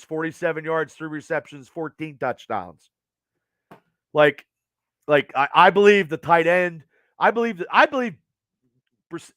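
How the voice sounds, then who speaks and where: A man hosting a live show from home, ranting angrily and profanely, worked up and talking in fast bursts. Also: high voice, a bit bright, no room sound, studio quality. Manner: profane, agitated, fast rants. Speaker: podcast host. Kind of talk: angry sports rant to live chat.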